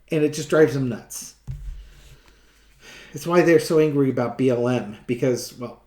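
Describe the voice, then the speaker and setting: A man's voice: medium pitch, darkish tone. Sarcastic rambling man in an echoey room. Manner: rambling, sarcastic, many restarts and fillers. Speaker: tarot reader. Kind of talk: casual tarot reading commentary.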